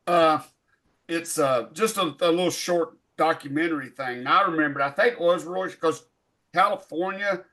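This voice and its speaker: Bright, forceful man, slightly high, halting co-host with lots of fillers. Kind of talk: casual chat.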